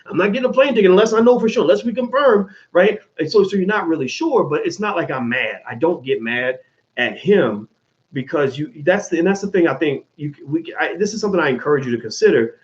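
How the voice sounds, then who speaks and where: A man's voice: fairly high pitch, fast. A middle-aged man giving a casual, emphatic monologue as a commentator, often restarting his sentences. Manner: animated, emphatic, frequent restarts. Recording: dull lo-fi sound.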